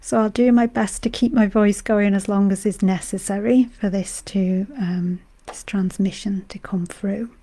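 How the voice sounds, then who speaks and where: A gentle, whispery woman from Britain guides a live meditation stream while unwell, her voice thin and going. Her tone is dark and mellow, and she rambles kindly with plenty of fillers. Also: medium pitch, steady tone, moderate pace, hardly any pauses. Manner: soft-spoken, gentle and rambling, with frequent fillers. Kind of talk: casual spiritual talk on a live stream.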